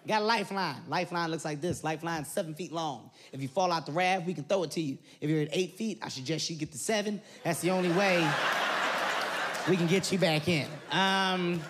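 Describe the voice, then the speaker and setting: A woman's voice: on the low side, fairly quick, lightly acted. A comedian playing a businesslike female rafting guide reading out safety rules in a live stand-up set. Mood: bossy.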